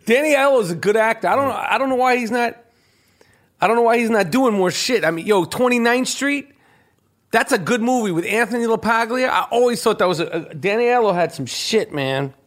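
A man's voice: very high-pitched, brisk. A man hosting a loose, profane podcast chat in a studio. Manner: animated, profane, laughs a lot. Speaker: podcast host.

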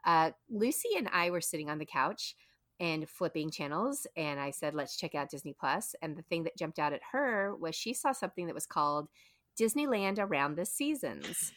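A woman's voice: low-pitched, moderate pace, no room sound, studio quality. A woman in her thirties co-hosting a podcast, chatting eagerly with lots of restarts. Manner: chatty, excitable, many restarts. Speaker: podcast co-host. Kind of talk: casual chat.

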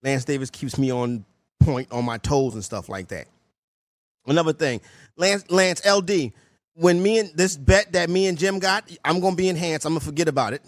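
A man's voice: fairly high pitch, normal speed, no room sound, studio quality. A man hosting a sports radio show, loose and joking, chatting with callers and co-hosts. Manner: loose, joking, talks while eating. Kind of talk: casual sports radio banter.

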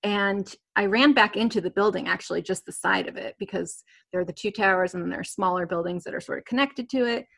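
A woman's voice: medium pitch, quick pace, gravelly, hardly any pauses, fairly bright tone. A woman guest telling a personal story in conversation, rambling with many fillers and restarts and nervous laughs. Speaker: interview guest.

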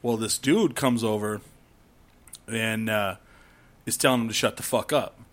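A man's voice: on the low side, measured pace, a bit bright. Rambling man telling camping stories. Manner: rambling storyteller, swears, acts out rowdy campers. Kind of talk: casual chat.

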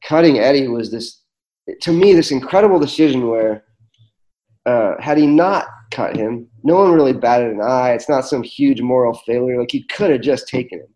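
A man's voice: medium pitch, moderate pace, mellow, low-quality recording. A man, telling personal stories as a guest in a conversation, earnest and full of fillers and restarts. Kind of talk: reflective storytelling in conversation.

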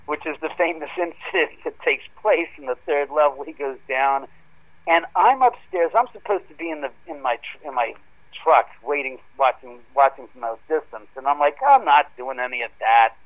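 A man telling a story in a casual, animated way that grows heated as he goes. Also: on the high side, moderate pace, low-quality recording. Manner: animated, gets heated retelling events. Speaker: guest homeowner telling a story.

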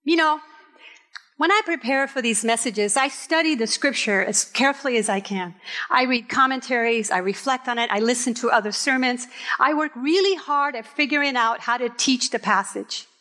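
A middle-aged woman pastor from Puerto Rico, preaching a candid sermon with personal stories and emphatic, drawn-out phrases. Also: fairly high pitch, sharp tone. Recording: reverberant hall.

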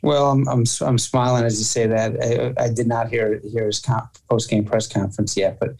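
A man, a football coach, answering interview questions in a halting way, restarting and repeating words often. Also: mid-range voice, level tone, creaky, darkish tone, poor audio.

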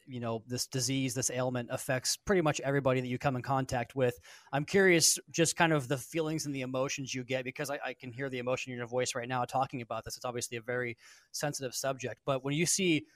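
A man co-hosting a radio show talks at a fast clip. He asks long, searching questions. The sound is dry. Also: medium pitch, no room sound. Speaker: radio co-host. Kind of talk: casual radio interview.

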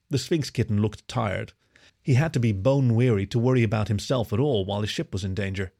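A man reading a story aloud as narrator, in an expressive, animated way. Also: fairly low pitch, fairly quick, vocal fry. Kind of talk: scripted narration.

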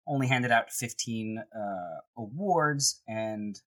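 A man's voice: on the low side, takes it slowly. A man co-hosting a podcast in casual chat, playfully acting out quotes from history. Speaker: podcast co-host.

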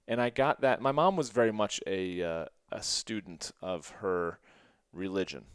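A man's voice: low-pitched, a little slow, clear, resonant tone, no echo, clean studio sound. Male podcast host, storyteller, earnest and rambling, lots of "like", clean resonant voice. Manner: rambling, many "like" fillers and restarts; earnest and emotional. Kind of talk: personal storytelling.

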